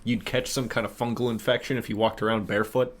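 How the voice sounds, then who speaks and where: A man's voice: fairly low pitch, flat delivery, fast. A man co-hosting a podcast, chatting casually and dropping short, dry quips. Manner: dry, laid-back quips. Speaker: podcast co-host. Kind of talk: casual chat.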